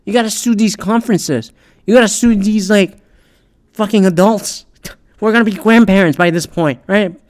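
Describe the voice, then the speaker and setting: Solo podcast host, middle-aged man, slightly high voice, profane animated ranting. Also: moderate pace.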